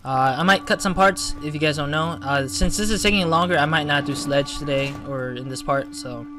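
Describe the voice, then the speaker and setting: A man's voice: on the high side, fairly quick, music in the background. A man hosting a gaming channel, giving casual let's-play commentary, chatty and flustered when he loses.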